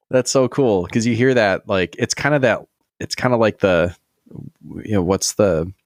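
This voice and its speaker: A man with a low voice rambles through a casual podcast conversation, full of restarts and fillers. The sound is dry and close, with no room around it. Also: moderate pace, no room sound. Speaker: podcast co-host. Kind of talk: casual chat.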